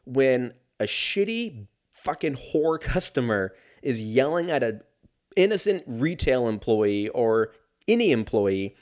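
A man's voice: medium pitch, big pitch swings, slow, a little mellow. A man telling a story in a casual, profane, rambling and sarcastic rant.

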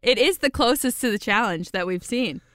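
A woman's voice: on the high side, expressive, a little fast, a bit bright, no room sound. Giggly woman, casual podcast chat, dry close mic. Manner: giggly, chatty and enthusiastic. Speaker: podcast co-host.

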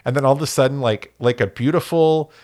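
A man's voice: mid-range voice, brisk, darkish tone. A man co-hosting a casual sports podcast, rambling and joking with lots of fillers and restarts. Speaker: podcast co-host.

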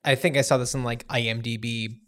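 A man's voice: mid-range voice, flat delivery, brisk, a bit bright. A man in a casual film chat, loose and conversational, with fillers and a curse now and then.

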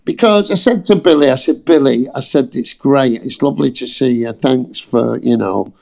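A man, an actor telling an audition story in a casual, animated way, acting out the quotes and swearing freely. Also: mid-range voice, normal speed, gravelly. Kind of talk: casual anecdote on a podcast.

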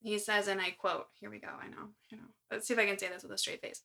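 A woman's voice: mid-range voice, little pitch movement, fast talker, gravelly, few pauses, pushed and bright. A woman co-hosting a podcast, recounting a story from her notes with wry asides. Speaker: podcast co-host. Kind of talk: casual chat, reading from notes.

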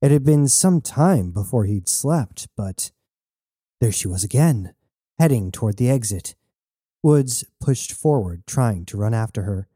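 A man reading a novel aloud as narrator in a steady storytelling manner. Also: medium pitch, measured pace, breathy edge, no echo, studio quality. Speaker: audiobook narrator. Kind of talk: scripted narration.

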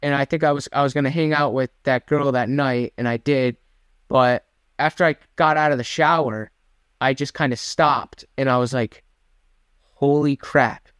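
Smooth-voiced young man rambling casually. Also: mid-range voice, fairly even intonation, normal speed, fairly bright tone, no room sound, clean studio sound. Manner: rambling, self-deprecating storytelling. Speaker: podcast co-host. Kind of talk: casual chat.

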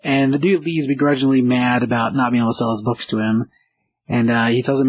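A man's voice: mid-range voice, steady tone, fairly quick, slightly rough, no echo, poor audio. A man giving a casual, rambling spoken recap of a comic book, lightly acting out the characters' lines. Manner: rambling, acts out quotes lightly, frequent "like" and "uh".

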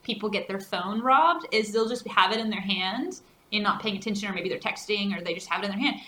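A woman co-hosting a podcast in casual chat, animated, laughing often and slipping in Spanish words. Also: mid-range voice, brisk, reverberant, slight background noise. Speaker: podcast co-host.

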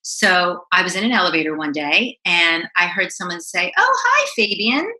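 A woman's voice: fairly low pitch, moderate pace, sharp tone, rough recording. A woman in her forties from Long Island, New York, a lifestyle blogger guesting on a podcast, telling her story animatedly and acting out quoted lines.

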